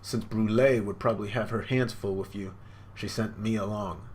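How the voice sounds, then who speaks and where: A man reading a manga aloud and voicing a gruff, taunting male pirate commander in his own low voice. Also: fairly even intonation, normal speed, a little mellow, slight background noise, natural voice. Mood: smug.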